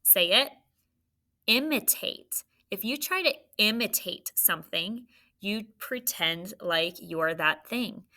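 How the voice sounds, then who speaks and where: Slow, bright-voiced woman teaching phonics. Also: medium pitch, lively intonation. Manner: slow, patient, encouraging, sounding out letters. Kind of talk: phonics lesson for young children. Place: classroom.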